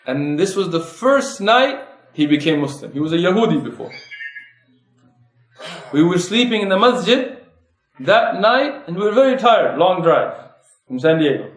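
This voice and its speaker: A man's voice: high voice, sing-song, moderate pace, long pauses. A man preaching a sermon in a mosque, building his points with passionate rhetorical questions. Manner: impassioned, rhetorical questions, rising emphasis. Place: mosque prayer hall. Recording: echoey mosque hall.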